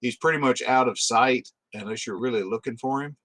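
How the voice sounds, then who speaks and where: A man's voice: medium pitch, brisk, fairly bright tone, no echo. A man narrating as the game master of a tabletop role-playing game, describing scenes in an easygoing way.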